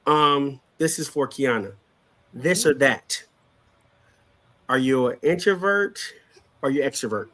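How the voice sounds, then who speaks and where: A man co-hosting a casual podcast chat, joking around and dropping quick asides. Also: mid-range voice, lively intonation, sharp tone. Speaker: co-host.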